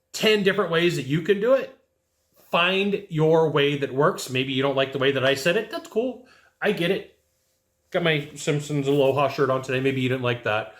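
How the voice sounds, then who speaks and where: A man in a casual sales-coaching talk, his voice sitting a little high for a man. He speaks in a loose, conversational way and acts out the lines to use with a customer. The sound bounces around a roomy, echoey space. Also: a bit bright. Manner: conversational, acts out sales scripts, tags points with "right?" and "okay?". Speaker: sales trainer for HVAC technicians. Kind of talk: casual instructional talk to camera.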